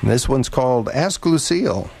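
A man's voice: medium pitch, expressive, normal speed, gravelly, darkish tone. A man co-hosting a radio show, talking casually and hesitantly with many restarts. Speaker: radio co-host, music fan.

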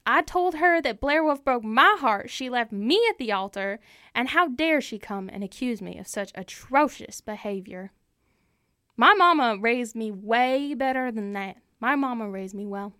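Proud lone cowboy rancher, played by a woman, folksy and repetitive, higher voice, smooth tone, dry sound. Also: pushed and bright, no room sound. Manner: folksy, repeats phrases for emphasis. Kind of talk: improvised comic storytelling.

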